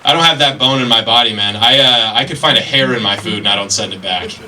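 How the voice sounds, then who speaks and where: A man's voice: mid-range voice, fast talker, bright, forceful tone. A man doing a chatty, self-deprecating stand-up comedy set, telling stories on a club stage. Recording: stage mic from a distance, crowd laughter.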